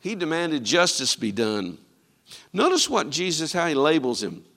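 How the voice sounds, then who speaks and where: A man's voice: on the high side, very animated, moderate pace, sharp tone. A man preaching a sermon emphatically, calling out to his congregation for responses. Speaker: pastor.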